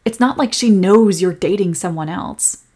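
Young woman whispering in a role-play, breathy and soothing, protective girlfriend vibe. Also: medium pitch, moderate pace. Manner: soft, comforting, protective.

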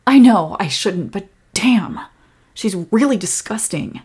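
Breathy young woman, whispered role-play, soft protective girlfriend tone. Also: mid-range voice, sing-song, measured pace.

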